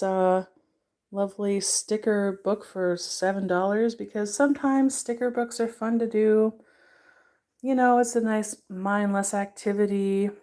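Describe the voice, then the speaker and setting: A woman's voice: medium pitch, a little mellow. A woman showing her art journal in a casual, rambling vlog, chatty and self-amused. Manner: chatty, rambling, laughing at herself. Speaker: artist and video maker. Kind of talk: casual show-and-tell vlog.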